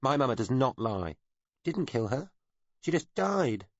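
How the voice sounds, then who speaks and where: Man reading as an upset little child, high and pleading, husky, dry muffled read. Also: big pitch swings, a little slow, no echo. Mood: defensive. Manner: defensive, tearful. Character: upset young child denying accusations.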